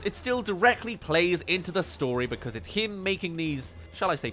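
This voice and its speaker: A man's voice: on the high side, bright, forceful tone, slight background noise. A man from the UK giving an opinionated, explanatory video review of a film, with playful asides. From United Kingdom. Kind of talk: scripted video review commentary.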